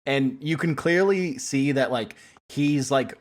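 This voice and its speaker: A man's voice: medium pitch, unhurried. A man co-hosting a casual podcast chat, telling stories with a laugh and mimicking the people in them. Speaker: podcast co-host.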